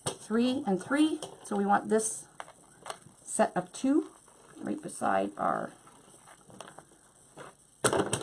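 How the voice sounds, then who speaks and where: A woman's voice: medium pitch, gravelly, a little mellow, slight background noise. A woman hosting a craft tutorial, chatty and bubbly as she explains each step while working. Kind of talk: hands-on craft demonstration.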